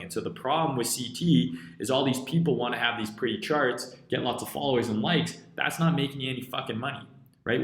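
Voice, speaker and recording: A man's voice: medium pitch, fairly bright tone, roomy sound. A man from rural Canada with a Canadian accent, ranting bluntly and profanely in a casual trading live stream while reading chat. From rural interior British Columbia, Canada. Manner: blunt and profane, heavy swearing.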